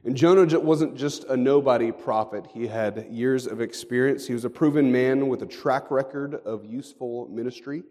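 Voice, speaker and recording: A man preaches a sermon in a middle-pitched voice, telling stories and often letting his sentences fall away softly at the end. The sound carries a long reverb from the church sanctuary where he speaks. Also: moderate pace, hardly any pauses. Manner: storytelling, dropping to quiet endings. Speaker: pastor.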